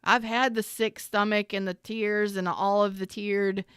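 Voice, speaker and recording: A woman's voice: medium pitch, little pitch movement, a little slow, clear, resonant tone, no room sound, clean studio sound. A middle-aged woman, a tarot reader, talking casually and candidly to her viewers, swearing freely and rambling through asides.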